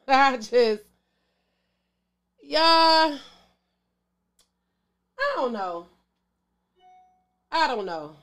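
A woman's voice: sits high, sing-song, drawn-out words, pauses often, fairly bright tone. A woman hosting a casual sports show to camera, emotional, sighing and calling out to her viewers. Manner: emotional, exclaims and sighs, talks to viewers as "y'all".

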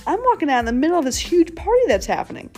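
A woman's voice: high-pitched, big pitch swings, very fast, warm tone, soft background music. A young woman hosting a podcast, telling a rambling story in a casual chat style, full of "like" and quoted asides, swearing now and then. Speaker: podcast host.

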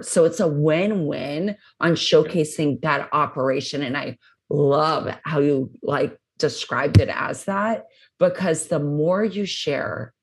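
A woman co-hosting a podcast chat, eager and agreeing, with her pitch swinging up as she talks.

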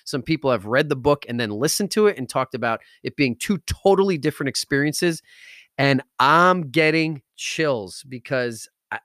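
A man hosting a podcast in an energetic, slangy motivational talk style, hyped and enthusiastic. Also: mid-range voice, no room sound, studio quality. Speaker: podcast host.

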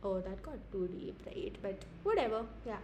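Young woman, squeaky voice, giggly, self-mocking, casual podcast chat, faint hiss. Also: sing-song, normal speed, darkish tone. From India. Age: young adult. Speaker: podcast host. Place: home, late at night.

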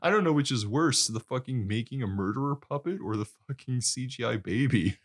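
A man's voice: expressive, fairly quick. A man co-hosting a casual film podcast, swearing, laughing and acting out quotes. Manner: swearing, laughing, acts out quotes in high voices. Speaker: podcast co-host.

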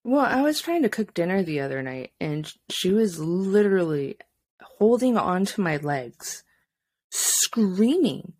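A woman's voice: fairly low pitch, very animated, unhurried, a little mellow, no room sound. A young woman co-hosting a casual parenting chat, telling blunt stories and swearing freely. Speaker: podcast co-host.

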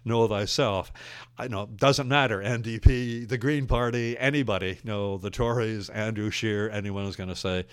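An older man speaks slowly and thoughtfully, with a very low voice. He has the wry, rambling manner of a retired English teacher telling stories. The sound is dry and close. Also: clean tone, no room sound. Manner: thoughtful, wry, digressive storyteller. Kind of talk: reflective conversation.

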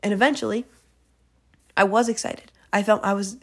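A woman's voice: mid-range voice, fairly even intonation, normal speed. A young woman talks casually through a devotional episode she hosts. Her delivery is earnest and chatty, full of little fillers and self-corrections as she works through her thoughts. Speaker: faith podcast host.

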